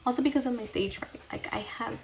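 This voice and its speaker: A woman's voice: on the high side, quick pace, darkish tone, a little hiss or hum. A young woman chatting casually while she does her makeup on camera, talking herself through each step. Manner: chatty, self-deprecating, talks to herself mid-task. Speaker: beauty vlogger. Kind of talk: casual get-ready-with-me chat while doing makeup.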